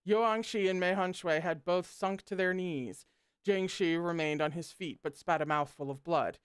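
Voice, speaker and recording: Smooth-voiced read-along host. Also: medium pitch, moderate pace, no echo, clean studio sound. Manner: expressive, joking asides between passages. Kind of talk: reading a novel aloud with asides.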